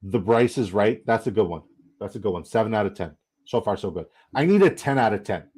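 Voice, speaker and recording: A young man hosting a casual livestream, excitable, rambling and profane as he chats with viewers. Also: on the low side, a little fast, slightly rough. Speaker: livestream host.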